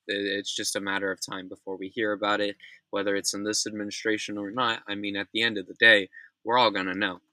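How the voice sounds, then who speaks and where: A man's voice: fairly low pitch, little pitch movement, brisk, sharp tone, no room sound, poor audio. A young man hosting a casual news commentary show, blunt, opinionated and profane, often restarting his sentences.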